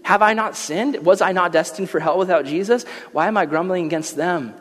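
A young man preaching a casual, animated sermon, telling stories and slipping into character voices. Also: high voice, a little fast. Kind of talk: casual sermon with acted-out scenes. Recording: long reverb.

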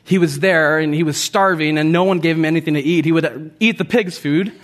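A man delivers a sermon in a voice pitched a touch high. He tells the story with animated, acted-out quotes and then falls soft and quiet to land his points. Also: brisk. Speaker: pastor.

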